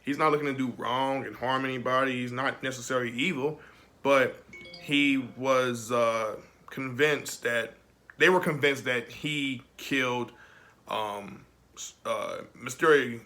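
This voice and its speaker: A man's voice: mid-range voice, steady tone, unhurried, bright, forceful tone. A young man giving a casual, rambling film review, emotional and laughing often.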